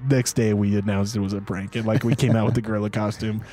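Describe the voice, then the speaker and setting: A man's voice: lowish voice, quick pace. A young adult man co-hosting a podcast, telling a story in casual chat and acting out the people in it. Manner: animated, slangy storyteller who acts out quotes. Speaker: podcast co-host.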